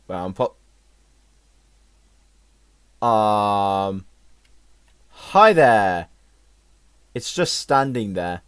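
A young man giving let's-play commentary on a horror game, jumping and exclaiming loudly when startled. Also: fairly low pitch, big pitch swings, very slow, long pauses, clear, resonant tone, dry recording. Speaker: gaming channel host.

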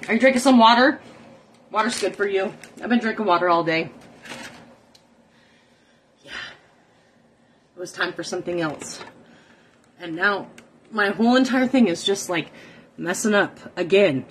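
A middle-aged woman with a drawl, chatting to her live viewers from a small home kitchen. She is self-deprecating and exasperated as she fights her setup, speaking at an average pitch. The phone recording carries a faint hiss behind her. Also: normal speed, pauses often, a bit bright, low-quality recording. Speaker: cooking livestream host. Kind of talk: casual live cooking chat to viewers.

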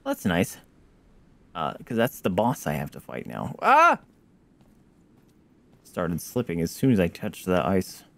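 A man streaming a video game, reacting with animated exclamations and casual swearing. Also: low voice, normal speed, gravelly. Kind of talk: casual gameplay commentary.

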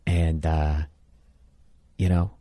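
A man's voice: rumbling low, little pitch movement, drawn-out words, mellow, dry recording. A man from the United States, a podcast host giving comedic advice in a blunt, profane, rambling rant.

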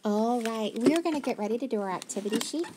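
A woman's voice: on the high side, animated, fast, darkish tone, slight background noise. A woman teacher leading a phonics lesson for young children, sounding out letters one by one and giving frequent praise.

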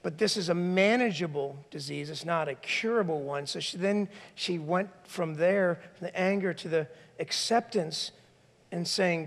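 A male pastor with a high voice delivers a lively, conversational sermon, slipping into the voices of the people he quotes. His words ring out with a long reverb from the church hall. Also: moderate pace. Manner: animated, conversational preaching, acts out quoted voices. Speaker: lead pastor. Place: church sanctuary.

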